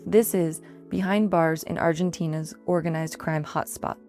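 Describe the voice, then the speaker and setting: Woman reading a report, gravelly low voice. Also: soft background music. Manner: measured, even read-aloud delivery. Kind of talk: scripted news narration.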